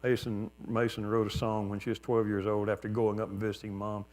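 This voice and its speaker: An older man, a pastor, telling a personal story in a sermon, reflective and plain-spoken with gentle humor. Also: lowish voice, monotone, a little fast.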